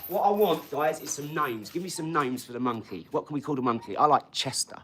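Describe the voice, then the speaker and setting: A man's voice: on the high side, background noise. Boastful man chatting live. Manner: boastful, chatty, talks straight to viewers. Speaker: live stream host and boxer. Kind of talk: casual live stream chat.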